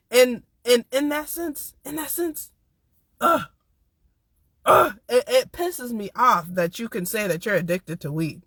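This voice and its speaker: Fired-up speaker on a bright, dry mic. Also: medium pitch, unhurried, husky, dry recording. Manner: heated, profane ranting with emphatic repetition. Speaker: motivational vlogger. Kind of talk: impassioned unscripted monologue.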